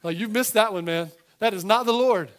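A middle-aged pastor preaches a little fast, his voice sitting high for a man. He delivers the sermon with animated emphasis, interrupting himself for casual asides to the audience in front of him.

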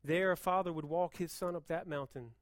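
A man preaching a sermon as pastor, moving between hushed, intense passages and loud, fervent appeals. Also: on the high side, fairly even intonation, a little fast, no room sound, studio quality.

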